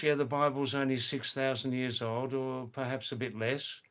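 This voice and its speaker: Slow-talking older Australian man. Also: mid-range voice, expressive, gravelly. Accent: mild Australian. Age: 70s. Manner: unhurried, musing, pauses to address viewers by name. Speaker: livestream host. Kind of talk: casual live chat reading viewer comments.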